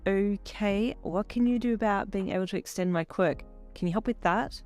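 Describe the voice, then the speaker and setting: A woman's voice: medium pitch, moderate pace, darkish tone, soft background music, voice pushed up, lightly acted. A woman reading as a sulky lovesick young woman. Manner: sulky, huffy, pleading. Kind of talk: fan fiction audio reading.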